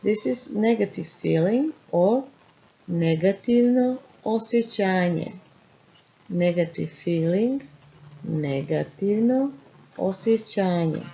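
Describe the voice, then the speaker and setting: A woman with a Montenegrin accent teaching a language lesson, repeating words slowly and quizzing the listener. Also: medium pitch, lively intonation, creaky, mellow, muffled recording.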